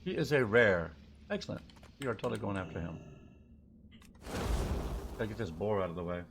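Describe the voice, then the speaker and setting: A male streamer talks through his game session in an easy, wandering way. His pitch swings up and down as he chats, and a faint hiss sits under his voice. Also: animated, fairly quick, vocal fry. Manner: chatty, rambling, thinks aloud. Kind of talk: live gameplay commentary.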